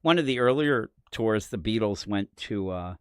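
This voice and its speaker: An American man co-hosting a casual live-stream chat, telling stories in an animated way and slipping into put-on voices. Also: normal speed, clean tone, no echo, clean studio sound. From United States. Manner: animated storyteller, breaks into high put-on voices. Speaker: podcast co-host.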